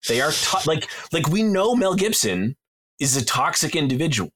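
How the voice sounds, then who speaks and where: A man's voice: on the high side, big pitch swings, normal speed, fairly bright tone, a little hiss or hum. A man in his thirties co-hosting a podcast, opinionated and sarcastic in casual chat. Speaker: podcast co-host.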